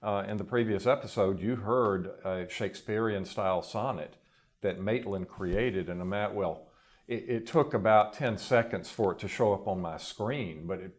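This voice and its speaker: Deep-voiced man, wry and explanatory. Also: normal speed. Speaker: guest expert. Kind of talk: casual interview chat.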